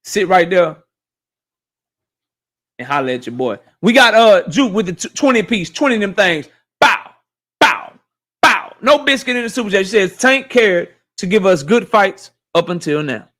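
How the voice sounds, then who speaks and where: A man's voice: high voice, expressive, moderate pace, a bit bright. A man hosting a casual boxing livestream, ranting animatedly and profanely while reading chat messages.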